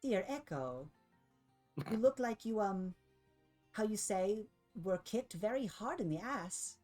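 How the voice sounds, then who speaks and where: A woman's voice: medium pitch, expressive, takes it slowly, a little mellow, faint music behind, pitched above the performer's own voice. A woman voicing a dainty young superhero girl who talks in a prim, affected, teasing way. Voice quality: prim, affected phrasing with a foreign-sounding "how you say".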